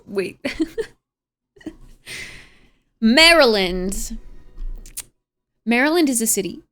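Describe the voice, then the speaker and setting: A young American woman on a livestream, talking in a relaxed, chatty way from her home setup. Her voice sits a touch high, and she reads viewer messages aloud, mulls them over and laughs often. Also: slow pace, long pauses, faint music behind. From United States. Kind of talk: casual stream chat.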